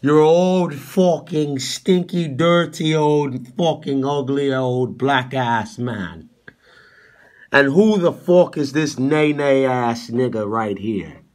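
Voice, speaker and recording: A man's voice: medium pitch, takes it slowly, darkish tone. A man on a livestream ranting in a mocking, profane, heckling way.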